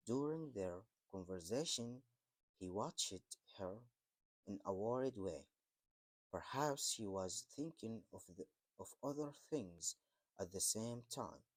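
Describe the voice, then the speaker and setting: Male storybook reader, unhurried and deliberate, dry close-miked sound. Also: fairly low pitch, no echo. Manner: slow, deliberate, halting with restarts. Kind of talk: storybook reading.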